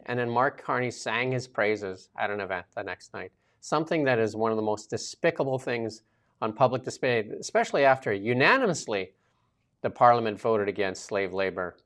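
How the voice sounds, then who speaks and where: A man hosting a political commentary show, emphatic and sarcastic, firing off loud rhetorical questions. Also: medium pitch, expressive, moderate pace. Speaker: show host.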